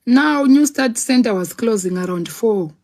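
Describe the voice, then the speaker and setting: A woman telling her own story in a dramatic, animated way, acting out scenes with sound words. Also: a little high, measured pace. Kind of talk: personal storytelling.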